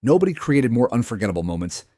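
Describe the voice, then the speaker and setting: A man reading scripted documentary narration in a brisk, dramatic way. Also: mid-range voice, very animated, dark tone, a little hiss or hum.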